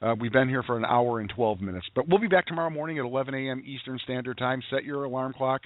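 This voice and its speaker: A man hosting a call-in show who tells rambling, folksy stories and often restarts his sentences. His mid-range voice comes through a tinny phone line. The sound is flat and dry. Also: medium pitch, quick pace, no room sound. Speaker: host of a call-in broadcast. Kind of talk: casual talk to callers.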